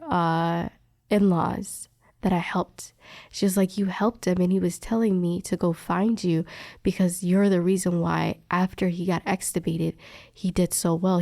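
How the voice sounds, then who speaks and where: A woman's voice: on the low side, dark tone, no echo, clean studio sound. Candid woman telling a hospital story. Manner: candid, emphatic, quotes others' words. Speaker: respiratory therapist telling her story. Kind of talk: personal storytelling interview.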